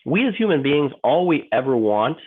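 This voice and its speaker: A man's voice: mid-range voice, sing-song, normal speed, slightly rough. A man teaching a sales workshop, putting questions to the group. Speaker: sales trainer. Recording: tinny phone-like line.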